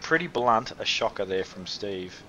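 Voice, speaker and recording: A man commentates live snooker from a commentary position at the venue, thinking aloud as he reads the table and frequently restarting sentences. His voice is on the low side, pushed and bright, with lively intonation at a normal pace. The audio is dull with a little hiss or hum, and the crowd can be heard behind him.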